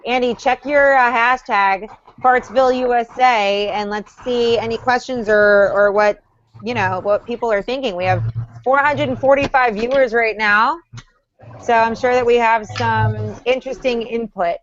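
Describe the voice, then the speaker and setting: A woman's voice: fairly high pitch, fairly even intonation, normal speed, dull audio. A woman hosting a casual online chat, steering the talk and often restarting her sentences. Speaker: livestream co-host. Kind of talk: casual group chat about a reality show.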